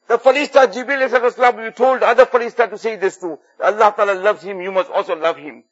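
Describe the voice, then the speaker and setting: A man's voice: sits high, steady tone, fast, fairly bright tone. A man preaching a sermon in earnest, repeating key phrases for emphasis. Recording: dull lo-fi recording with faint music.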